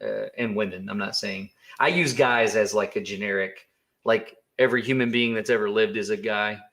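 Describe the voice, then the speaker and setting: A man's voice: on the low side, fairly even intonation, moderate pace, a bit bright. A man co-hosting a livestream, talking casually and rambling, with frequent laughter and filler words. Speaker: livestream co-host.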